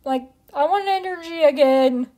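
Young woman vlogger, high bright voice, chatty, filler-heavy, playful overstatement. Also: moderate pace. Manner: chatty, peppered with "like", playful exaggeration. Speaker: channel host. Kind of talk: casual vlog talk to viewers.

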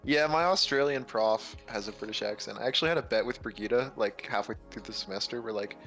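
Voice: mid-range voice, a little fast, fairly bright tone. Young adult streamer, joking chat, plain middle voice, faint music bed. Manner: teasing, joking, fillers of "like". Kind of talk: casual chat. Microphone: stream microphone.

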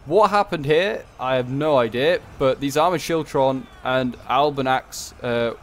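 Man of mid pitch for relaxed game commentary, chatty and meandering with wry jokes and mid-sentence corrections. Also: unhurried, a little hiss or hum. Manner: rambling, self-correcting, joking asides. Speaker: gameplay commentator. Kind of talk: casual strategy game commentary.

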